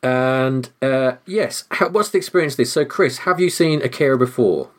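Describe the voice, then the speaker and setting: A man hosting a podcast in casual chat, jokey and quick to laugh. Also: mid-range voice. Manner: lively, jokey, laughs easily. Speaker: podcast host.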